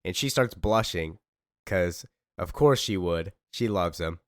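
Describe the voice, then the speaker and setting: Man, casual comic recap, chatty, low voice, dry sound. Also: expressive, unhurried, dry recording. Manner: casual, chatty, fills in with 'like'.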